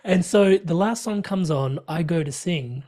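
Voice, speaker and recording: A man, a podcast guest, telling a personal story in conversation, animated and laughing often. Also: high voice, a little slow. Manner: animated, laughs often, acts out quoted dialogue.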